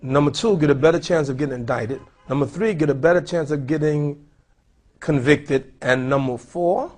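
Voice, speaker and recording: A man speaking as an imam at a seminar, animated and questioning his audience. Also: a little high, normal speed, faint music behind. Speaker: imam lecturer. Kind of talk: seminar lecture. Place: lecture hall.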